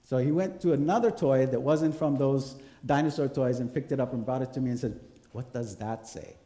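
A man preaching in a relaxed, storytelling way, often turning to the congregation for a nod. His voice is warm and mellow. The sound carries a roomy echo from the church around him. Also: mid-range voice, brisk. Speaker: pastor. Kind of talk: conversational sermon.

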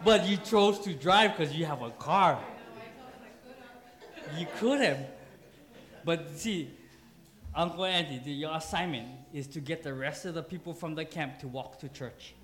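A man's voice: on the high side, measured pace, long pauses, a bit bright. A man preaching a sermon in church with a light tinge, joking with the congregation. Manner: joking, playful asides to the congregation. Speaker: pastor.

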